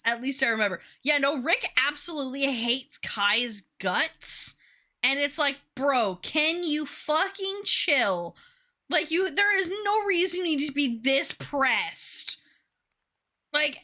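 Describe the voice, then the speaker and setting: Excitable woman streamer, swearing freely. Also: high voice. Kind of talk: casual game commentary.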